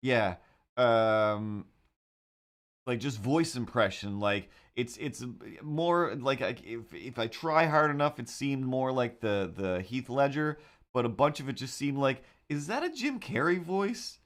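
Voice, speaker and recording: A man hosting a casual livestream as a cartoonist, talking in a rambling, excitable way with lots of fillers. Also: mid-range voice, a little slow.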